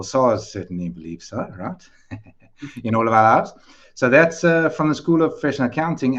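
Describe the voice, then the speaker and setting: Over a video call, a man who is head of school hosts an online information session, cheerfully welcoming viewers and introducing the panel in a chatty way. His voice is mid-range and the recording sounds muffled.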